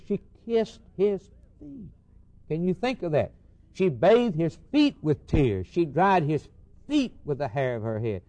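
A man preaching a sermon, rising to emphatic peaks and dropping low and soft, quoting scripture in old wording. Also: sing-song, measured pace.

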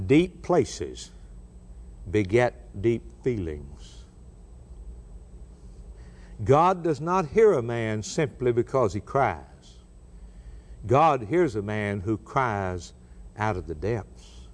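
A middle-aged man preaching a sermon with passion, asking rhetorical questions and repeating phrases, dropping low and then rising into raised cries. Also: darkish tone.

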